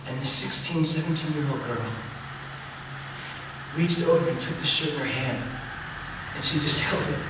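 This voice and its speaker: A man giving a motivational talk, telling a story emphatically and swinging between hushed and loud, excited passages. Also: fairly high pitch, normal speed, long pauses. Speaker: motivational speaker. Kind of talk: storytelling talk to a live audience. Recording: echoey room, mic far off, background noise.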